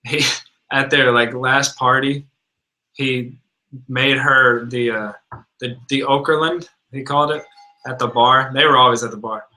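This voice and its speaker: A man's voice: medium pitch, steady tone, a little slow, pushed and bright, low-quality recording. A young man co-hosting a casual chat, rambling through stories with lots of filler words. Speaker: podcast co-host.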